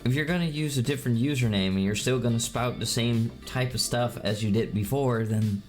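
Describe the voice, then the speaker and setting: Gravelly-voiced man teasing his chat. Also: medium pitch, brisk, hardly any pauses, soft background music. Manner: playful mock-menacing teasing. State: slightly worn voice. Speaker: streamer reading chat. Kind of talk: casual live-stream chat.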